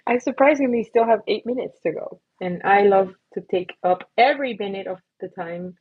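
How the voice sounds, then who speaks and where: A woman's voice: medium pitch, fairly quick, slightly rough, no room sound, muffled recording. A young woman hosting a casual drawing livestream, chatty and giggly, laughing at her own doodles as she talks. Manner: giggly, chatty, self-mocking.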